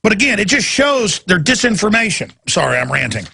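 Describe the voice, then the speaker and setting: A male talk radio host with a gravelly, raspy voice, ranting hard and sarcastically. His tone is forceful and sits a little on the high side for a man. He runs heated political commentary in a driving delivery. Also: very animated, a little fast.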